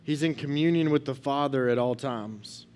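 With a mid-range voice at a moderate pace, a young adult man preaches as a pastor in a casual, story-led style. He starts with a funny anecdote, animated and conversational, before turning to exhortation.

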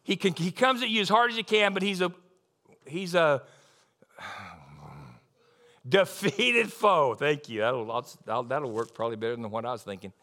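A pastor delivers a sermon with emphasis and frequent repetition. His pitch swings widely, and his voice sits slightly higher than most men's. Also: moderate pace, pauses often. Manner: emphatic, lively preaching with repetitions and asides.

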